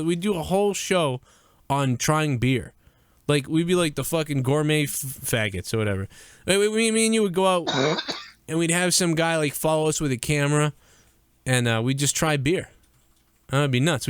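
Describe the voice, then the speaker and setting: A man from the US Northeast, co-hosting a live podcast with crude, joking banter. His voice sits a little high and swings widely in pitch. The sound is dry and close. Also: clear, resonant tone, no room sound. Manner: crude, profane, laughing banter. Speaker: podcast co-host.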